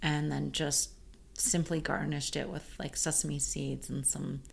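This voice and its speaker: Woman, caterer, casual chat, lower voice, animated storyteller. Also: unhurried, gravelly, crowd noise. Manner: animated storyteller, many "like" fillers.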